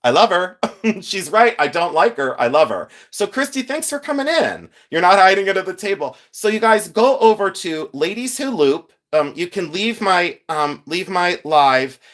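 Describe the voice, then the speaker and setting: A man's voice: high voice, lively intonation, moderate pace, a bit bright. A man hosting a casual livestream, chatting with viewers, greeting them by name and laughing often as he talks. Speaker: livestream host sorting jewelry.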